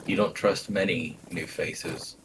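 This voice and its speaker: A man playing a terse, deep-voiced officer. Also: fairly even intonation, slow, background noise. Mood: dry.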